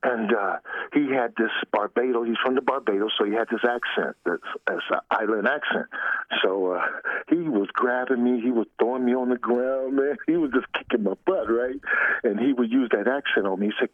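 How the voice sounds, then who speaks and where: An older former football player telling stories in a casual interview, laughing often and talking in a loose, folksy way. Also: male voice, mid-range voice, fairly quick, dry recording. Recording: tinny phone line.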